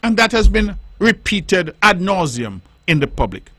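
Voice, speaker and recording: Middle-aged man, high bright voice, dry studio sound, firm speaker who explains and repeats for stress. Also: sing-song, no room sound. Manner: emphatic, deliberate, explains point by point and repeats for stress. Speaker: politician hosting a radio call-in show. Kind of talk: radio talk monologue. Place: radio studio.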